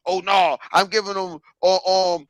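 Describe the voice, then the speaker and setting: A man's voice: sits high, flat delivery, unhurried, no echo, low-quality recording. A man hosting a podcast, delivering a profane, preachy rant and repeating "stop it". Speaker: podcast host. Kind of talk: ranting podcast commentary.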